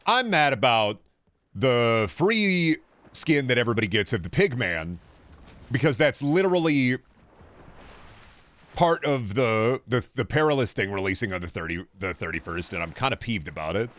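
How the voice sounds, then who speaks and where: A man's voice: medium pitch, sing-song, normal speed, a bit bright. A young man streaming a video game, rambling and swearing casually as he plays and chats with viewers. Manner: rambling, profane, chatting with viewers while playing. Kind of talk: casual gameplay commentary.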